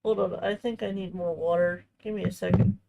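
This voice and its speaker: A woman hosting a crafting channel, chatting casually in a tender, reflective way, often halting and restarting her sentences. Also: lowish voice, steady tone, gravelly, dark tone, slight background noise, rough recording. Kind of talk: casual chat while crafting.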